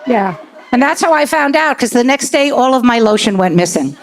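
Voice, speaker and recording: Brash sixty-something New comedienne. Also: female voice, fairly high pitch, expressive, brisk, crowd noise, noisy background. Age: 60s. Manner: brash, profane storytelling. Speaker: stand-up comedian. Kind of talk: stand-up comedy with crowd work. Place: comedy club stage before a live audience.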